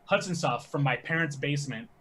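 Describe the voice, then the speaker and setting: A man, a podcast guest telling animated stories with quick asides. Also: on the high side, slight background noise. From American Midwest. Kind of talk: casual podcast chat.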